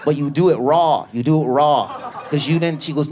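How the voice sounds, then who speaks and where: A man doing a stand-up comedy set in a club, riffing at high energy on an audience member. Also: fast, darkish tone. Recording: live club with a laughing crowd. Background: audience laughter.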